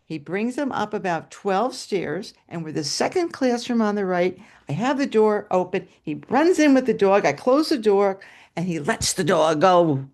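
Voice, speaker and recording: An older woman spins a story from her teaching days to a live audience, speaking through a video call microphone. She is animated, jumping into character voices and turning to her listeners with asides. Her pitch sits in an ordinary middle range. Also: moderate pace.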